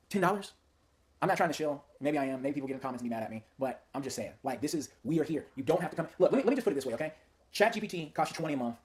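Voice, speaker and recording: A man casually walking viewers through a demo of software he built, chatty and hyped, talking straight to his audience. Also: medium pitch. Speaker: software creator demoing his own tool. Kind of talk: casual screen-share product demo.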